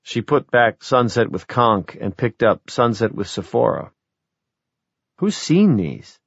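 A middle-aged man reading an audiobook in the first person, measured and reflective. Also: on the low side, fairly even intonation, gravelly, a bit bright, no echo. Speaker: audiobook narrator. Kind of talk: scripted narration. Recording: dry, dull lo-fi audio.

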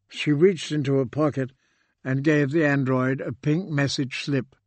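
Male audiobook narrator, calm and deliberate, slow delivery, dry close sound. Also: mid-range voice, no room sound. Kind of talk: scripted narration.

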